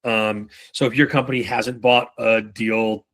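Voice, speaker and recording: A man leading a live sales training session in a casual, profane way, often acting out quick lines from buyers and reps. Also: on the low side, little pitch movement, fairly bright tone. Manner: casual, swears freely, acts out buyer and rep lines.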